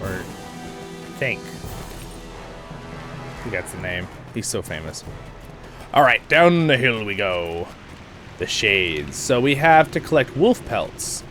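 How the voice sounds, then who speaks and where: Rambling, lively man chatting over gameplay. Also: lowish voice, takes it slowly, long pauses, soft background music. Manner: rambling and chatty, often laughing; lively, swings from quiet asides to loud bursts. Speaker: host of a game voice-over channel. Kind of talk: casual chat while playing a game.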